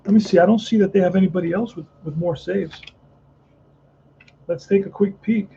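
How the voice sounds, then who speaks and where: A man's voice: high voice, steady tone, fairly quick, creaky, mellow, muffled recording, slight background noise. A man casually narrating a tabletop baseball replay, thinking aloud and rambling with frequent restarts. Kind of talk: casual play-by-play and chat.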